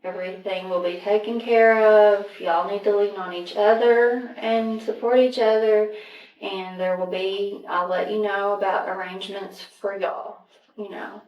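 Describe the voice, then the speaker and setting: Halting woman in a distant, roomy recording. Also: mid-range voice, steady tone, highs cut off. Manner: soft-spoken, halting, trailing off. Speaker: interviewee questioned by detective. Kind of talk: recorded police interview. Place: interrogation room. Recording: roomy interrogation room audio from a distance.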